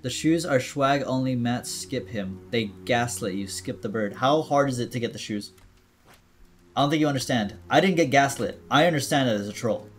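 A man's voice: medium pitch, normal speed. A man streaming a video game, chatting casually to himself and his viewers in a jokey way. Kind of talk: casual gameplay commentary.

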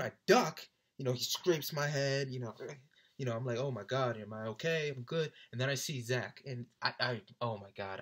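A young man with a bright, forceful voice tells a story straight to the camera. He is animated and laughs often, and his voice lifts high whenever he imitates his friends. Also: breathy edge. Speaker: vlogger recounting a concert. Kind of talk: casual storytelling.

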